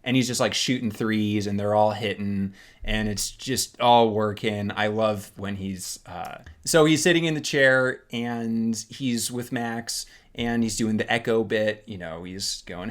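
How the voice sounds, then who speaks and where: A man's voice: on the low side, unhurried. A young man co-hosting a casual podcast chat, talking with enthusiasm and rambling through restarts. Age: young adult. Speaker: podcast co-host.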